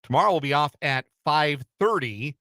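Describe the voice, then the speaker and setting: A male sports radio host with a bright, forceful voice that sounds smooth and resonant. He talks in a loose, chatty way, stumbling over a few repeats and uh fillers. He is recorded dry and close on a studio microphone. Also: a little high, animated, moderate pace, dry recording.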